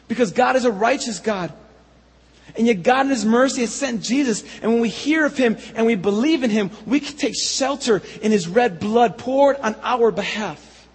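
A man's voice: high voice, slightly rough. A man preaching a sermon as pastor, earnest and building to fervent appeals to the congregation. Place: church sanctuary. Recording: echoey hall with long reverb.

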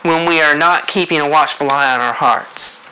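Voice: medium pitch, normal speed, pushed and bright, slight background noise, low-quality recording. A preacher delivering a sermon, earnest, repeating key points and putting rhetorical questions to the congregation.

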